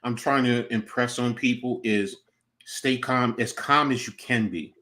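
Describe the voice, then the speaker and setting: A middle-aged man with an ordinary mid-pitched voice talks earnestly as a podcast co-host. He gives practical advice in a casual chat, often restarting his sentences as he goes. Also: a little slow, fairly bright tone.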